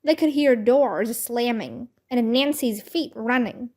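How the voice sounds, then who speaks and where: A woman reading a children's book aloud with slow, careful, expressive storytelling. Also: fairly high pitch.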